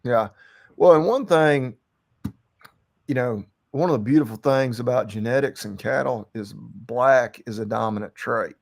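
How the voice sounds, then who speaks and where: A man talks shop about cattle in casual podcast chat. His voice carries a gravelly fry. He rambles easily, piling on fillers and false starts as he thinks aloud. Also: medium pitch, measured pace. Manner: relaxed, rambling with frequent fillers and restarts. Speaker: podcast co-host and cattle rancher.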